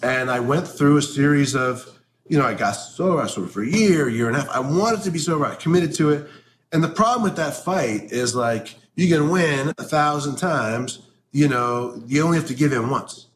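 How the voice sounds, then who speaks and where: A man's voice: a little high, animated, moderate pace. A man speaking candidly in an interview, blunt and swearing freely. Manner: blunt, swears freely, mocks people in a sharp voice. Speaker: interview guest. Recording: echoey room with faint noise.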